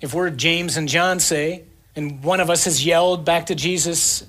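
A man's voice: high-pitched, fairly even intonation, normal speed, fairly bright tone. A man preaching an evening sermon, building emphatic lists and acting out the scene he describes.

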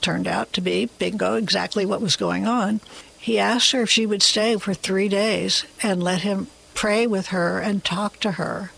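Gravelly, animated storyteller guest. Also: mid-range voice, unhurried, rough recording. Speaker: author, guest. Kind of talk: storytelling interview.

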